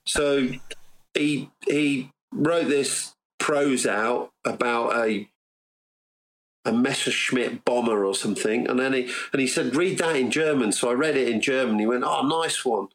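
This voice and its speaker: A man's voice: medium pitch, unhurried, poor audio. A man, a podcast guest, telling long casual stories with many restarts and acting out what others said to him. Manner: rambling anecdotes, acts out quoted dialogue. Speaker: podcast guest, recording engineer. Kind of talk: casual storytelling interview.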